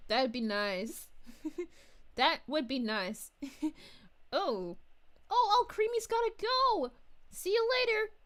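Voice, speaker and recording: A woman's voice: high voice, a bit bright, heavily acted. A woman voicing a bubbly, giggly young princess as a VTuber, reading chat aloud on a livestream with gushing chatter. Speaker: VTuber streamer.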